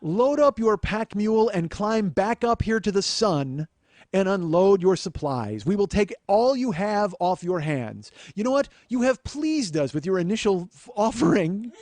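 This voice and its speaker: A man putting on a rich young Russian man who speaks slowly and grandly, in formal, lordly phrasing. The voice sits a little high and rings dry and close, with no room sound. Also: very animated, a little mellow, dry recording. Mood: grandly demanding.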